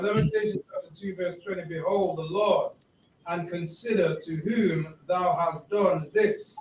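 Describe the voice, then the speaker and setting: A man's voice: high-pitched, slight background noise. Hesitant man reading scripture from afar. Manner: slow, hesitant, soft-spoken. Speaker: student asking a question. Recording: distant echoey room mic.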